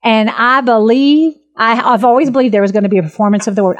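A woman in her fifties, a minister, telling her testimony in an earnest, emphatic and animated way. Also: fairly high pitch, brisk. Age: 50s. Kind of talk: personal testimony talk.

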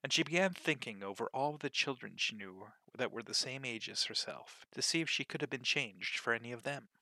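Man reading a storybook aloud, very bright tone, dry close sound, expressive and measured. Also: mid-range voice, no room sound. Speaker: narrator.

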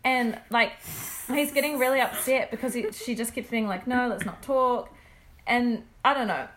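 A woman's voice: on the high side, moderate pace, a bit bright, a little hiss or hum. A young woman in casual chat, eagerly retelling a story full of "like" and acted-out quotes. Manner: chatty, filler-heavy, acts out quotes. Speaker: friend recapping a story.

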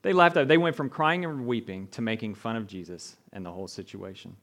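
Speaking a little fast in a fairly low voice, a male pastor preaches in a conversational way. He tosses "right?" to the room often and acts out the figures in his story.

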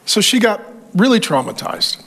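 High-voiced man preaching emphatically. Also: very animated, normal speed, creaky, a bit bright. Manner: emphatic preaching with punchy repetition and humor. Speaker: pastor. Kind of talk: sermon.

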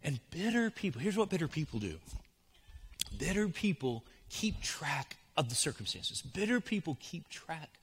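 A man preaching a sermon, swinging from hushed, soft passages to loud, urgent pleading. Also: a little high, sing-song, moderate pace, in a large hall, a little hiss or hum. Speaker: pastor. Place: church sanctuary.

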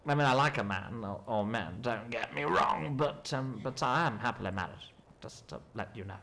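A man, an actor in a mock interview, rambling and hesitant with a deadpan delivery. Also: fairly low pitch, brisk, slight background noise.

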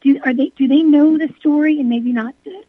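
High-voiced woman host on a phone line. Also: a little fast, no echo. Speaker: interviewer host. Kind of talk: interview questions and reflections.

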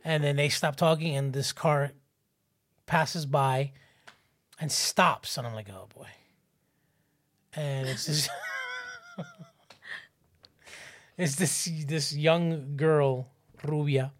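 A man in his thirties telling a story in casual chat, animated and profane, acting out other people's voices. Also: slow pace, long pauses. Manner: animated, profane, acts out voices with big pitch jumps.

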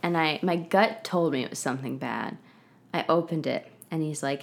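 A woman in her twenties, guesting on a podcast, tells her story in a casual interview with a noticeably low, creaky voice at a moderate pace. Her chatty delivery is loose, sprinkling "like" and "um" through every sentence.

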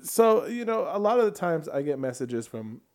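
A man's voice: a little high, very animated, moderate pace, a little mellow. A man co-hosting a podcast in casual chat, teasing his co-host and laughing often.

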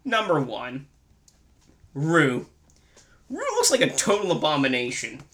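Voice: mid-range voice, huge pitch swings, a little slow, a bit bright, a little hiss or hum. A podcast co-host sarcastically riffing through a film review in casual chat.

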